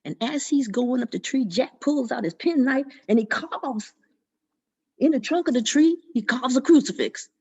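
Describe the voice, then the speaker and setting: A woman telling a folk tale in an expressive, dramatic storytelling manner. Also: high-pitched, normal speed, husky. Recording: dull lo-fi recording.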